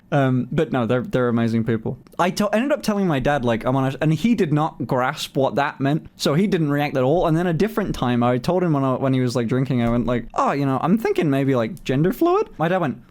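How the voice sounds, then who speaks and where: A man in his twenties streams live, chatting casually and answering viewer questions candidly in a mid-range, darkish voice. He swears freely and laughs often.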